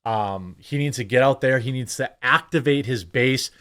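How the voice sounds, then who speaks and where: A man's voice: mid-range voice, moderate pace, bright, forceful tone. A man hosting casual political commentary, blunt and sarcastic, rambling with lots of fillers and restarts.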